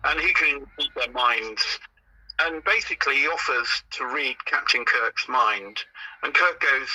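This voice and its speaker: Male podcast guest, rambling storyteller, very bright, husky tone. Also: mid-range voice, a little slow, low-quality recording. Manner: rambling and anecdotal, with frequent restarts. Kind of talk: conversational podcast interview.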